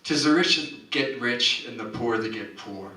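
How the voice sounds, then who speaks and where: A man's voice: mid-range voice, moderate pace, pushed and bright, voice pushed down, close to an everyday voice. A man voicing a poor but spirited young Irish woman, lilting and defiant. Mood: pleading. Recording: roomy hall, distant mic.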